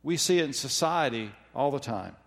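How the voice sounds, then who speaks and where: Guy preaching a sermon, measured and emphatic, big echoey church sound. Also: medium pitch, lively intonation, gravelly, a bit bright. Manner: measured, emphatic, slows down for scripture. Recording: long hall reverb.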